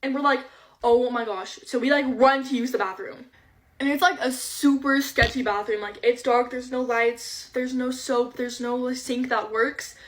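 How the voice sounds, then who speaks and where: A teenage girl rattles through a storytime in a very high, bright-sounding register. She is chatty and animated, slipping into the voices of everyone in the tale. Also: normal speed. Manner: chatty, animated retelling full of quoted dialogue. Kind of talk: casual storytime.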